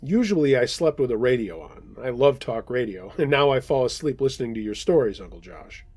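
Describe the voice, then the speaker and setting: Husky-voiced male scary story narrator. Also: mid-range voice, lively intonation, fairly quick, darkish tone. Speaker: podcast host reading listener stories.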